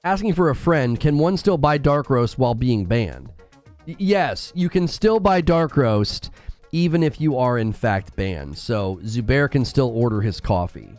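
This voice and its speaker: A man's voice: mid-range voice, lively intonation, measured pace, darkish tone, faint music behind. A man hosting a casual live game stream, bantering playfully and teasing his chat from a room at home. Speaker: gaming streamer.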